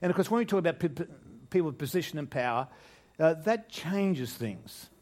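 A man's voice: a little high, expressive, fairly quick, a little mellow. An older man preaching a conversational sermon to his congregation, restarting phrases and asking rhetorical questions. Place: church, speaking to a congregation.

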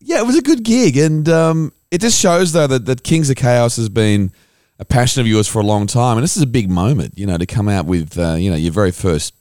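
A man's voice: fairly low pitch, fairly quick, a little mellow, smooth, dry recording, clean studio sound. A man hosting a music podcast, enthusiastic and chatty. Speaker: podcast host. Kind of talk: upbeat podcast intro and interview.

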